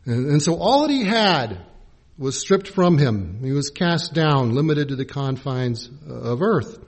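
A man preaching a sermon in a measured, teaching way, pausing to spell out original-language words. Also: medium pitch, big pitch swings, slightly rough. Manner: measured, spells out Greek and Hebrew words letter by letter.

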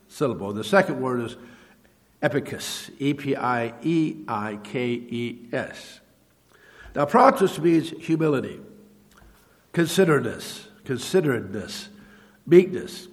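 Man preaching in a reverberant hall. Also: mid-range voice. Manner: teaching, measured, with halting fillers and repeated words. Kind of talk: sermon.

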